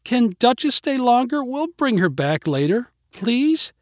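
A man voicing a tearful young girl who pleads in a high, whiny voice in a storybook reading. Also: sing-song, unhurried, no room sound, studio quality, exaggerated voice. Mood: pleading.

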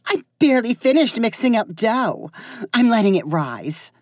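A woman voicing a quirky home baker who is proud of her odd recipes and quick to take offense. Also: fairly high pitch, very animated, no echo, studio quality, pitched above the performer's own voice. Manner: touchy, proud of her creations.

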